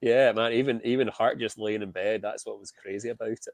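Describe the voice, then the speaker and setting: A man with a Scottish accent chats as a podcast guest, rambling in a relaxed way and laughing easily. His voice sits on the low side. The recording is dry and close. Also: fairly quick, no room sound. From Scotland. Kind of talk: casual chat.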